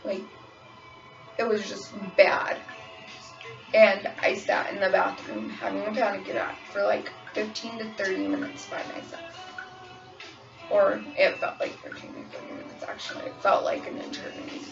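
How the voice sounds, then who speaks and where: A young woman talks frankly to her phone camera in a personal vlog confession, her voice gravelly with a lot of fry. The recording is dull and lo-fi, she sits a little back from the mic, and a pop song plays clearly in the background. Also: mid-range voice, level tone, moderate pace, distant mic, over music. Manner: candid, frank, storytelling. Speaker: waitress sharing her experience. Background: pop song playing on repeat.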